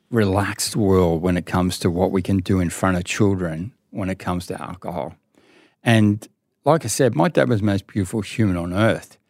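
A man in his sixties with an Australian accent, a guest telling casual stories in an interview. He is a lively storyteller. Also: dry recording, studio quality. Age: 60s. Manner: lively storyteller who acts out other people's lines with big pitch leaps.

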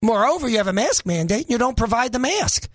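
A man's voice: very high voice, expressive, a little fast, no room sound. A middle-aged man from the Northeast US hosting a radio talk show, delivering an opinionated monologue full of sarcastic, emphatic rhetorical questions.

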